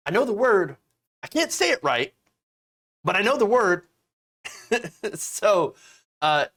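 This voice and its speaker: A man's voice: sits high, a bit bright. A man hosting casual political commentary, sarcastic and mocking. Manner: sarcastic, mocking voices of opponents.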